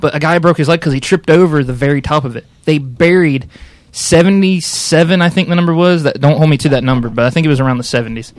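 A man's voice: on the high side, fast talker, hardly any pauses, dry recording. A man in casual conversation, talking in an opinionated, rambling way with many restarts. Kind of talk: casual chat.

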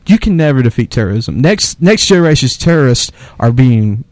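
A man's voice: mid-range voice, very animated, brisk, darkish tone, no room sound. A man in casual conversation, speaking bluntly and swearing freely. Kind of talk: casual chat.

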